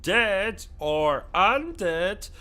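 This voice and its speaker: A man's voice: sits high, sing-song, drawn-out words, bright, forceful tone, pitched above the performer's own voice, exaggerated voice. A man voicing a timid, mild sidekick who starts his lines with hesitant ums and uhs. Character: meek timid male sidekick, mild and dim.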